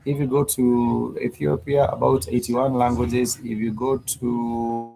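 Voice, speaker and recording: Gravelly-voiced man teaching a language. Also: medium pitch, level tone, low-quality recording. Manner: patient, repeats words and syllables slowly. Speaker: Swahili teacher. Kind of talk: live-streamed language lesson.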